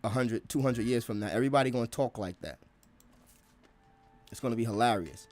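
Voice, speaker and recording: A man's voice: medium pitch, brisk, darkish tone, soft background music. A man livestreaming a game, riffing casually in a laid-back, slangy, joking way. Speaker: gaming livestreamer. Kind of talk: casual comedic rambling.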